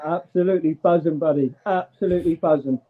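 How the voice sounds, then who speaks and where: A man's voice: on the high side, fast talker. A man giving his thoughts as a fan caller, enthusiastic and rambling. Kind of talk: casual football chat. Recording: tinny phone line.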